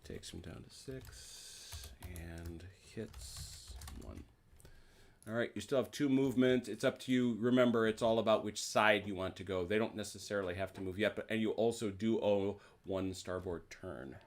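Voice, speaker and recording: A man's voice: lowish voice, moderate pace. A man refereeing a tabletop wargame, explaining rules and teasing the players in an upbeat way. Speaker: game referee.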